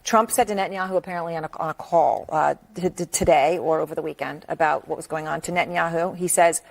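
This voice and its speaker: News panel lady, lowish voice, quick animated questions. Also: vocal fry. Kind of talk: cable news panel discussion.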